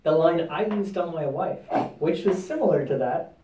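Playful man, lively pitch, far from the mic. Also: normal speed. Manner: playful, laughs a lot. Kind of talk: casual group chat. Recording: echoey, distant, dull room sound.

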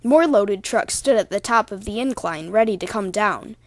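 A woman narrating a children's storybook, expressive and voicing the characters. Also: mid-range voice, moderate pace, a little hiss or hum.

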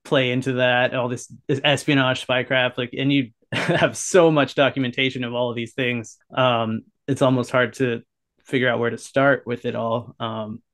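A man's voice: medium pitch, steady tone, normal speed, a bit bright. A male podcast host with a mid-range voice. He speaks casually and without hurry while he frames questions for his guest. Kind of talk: casual interview talk.

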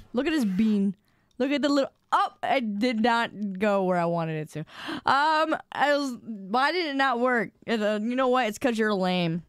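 A young woman streaming a game, her voice sitting high and unhurried. She banters and teases her chat in a playful way. The sound is close and dry, with no room around it. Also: no room sound. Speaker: live streamer. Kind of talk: casual gaming stream chat.

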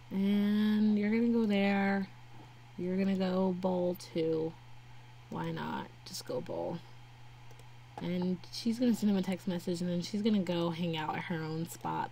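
In a warm, fairly low voice, this young gameplay narrator offers easygoing let's-play commentary and addresses her characters directly. Slight background noise and faint game music can be heard.

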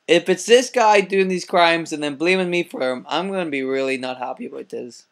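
A man's voice: on the high side, fairly quick, hardly any pauses. Joking Northern Irish man, podcast co-host. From Northern Ireland. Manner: joking, playful, deadpan asides. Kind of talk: casual podcast banter.

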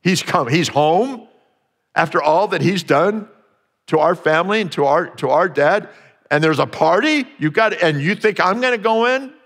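A man's voice: sits high, expressive, moderate pace, fairly bright tone, big-room sound, voice pushed up. A man voicing a resentful older brother who complains indignantly that he has slaved for years.

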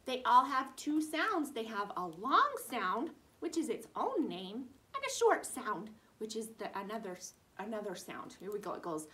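Bright, sing-song preschool teacher woman. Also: on the high side, sing-song, moderate pace, few pauses. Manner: sing-song, exaggerated teacher voice for small children. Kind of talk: teaching preschoolers over video.

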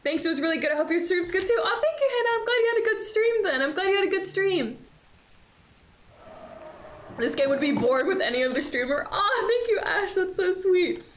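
Young woman streamer, high voice, chatty, swears a lot, echoey room, faint hiss. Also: big pitch swings, a little fast. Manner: chatty, swears a lot, reacts with nervous laughs. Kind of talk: live game commentary.

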